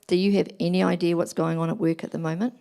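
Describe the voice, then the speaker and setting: A woman's voice: lowish voice, fairly even intonation, brisk, creaky, mellow. A woman playing a tired defensive husband. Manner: defensive, pushing back.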